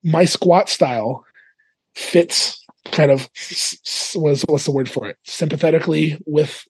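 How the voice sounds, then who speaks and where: A man chatting as a podcast guest, telling animated stories and laughing often, over a remote call mic. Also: on the high side, unhurried, slightly rough, no echo. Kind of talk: casual podcast chat.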